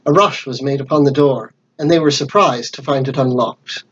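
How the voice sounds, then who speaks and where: A man reading a classic adventure book aloud as storyteller, with lively character voices. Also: medium pitch, moderate pace, breathy edge, muffled recording.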